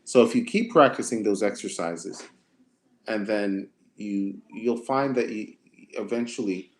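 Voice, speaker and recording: A man with a lowish voice speaks unhurriedly, coaching singers on a livestream. He answers viewers' chat questions in a relaxed, conversational way and often circles back to repeat a point. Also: measured pace. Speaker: vocal coach.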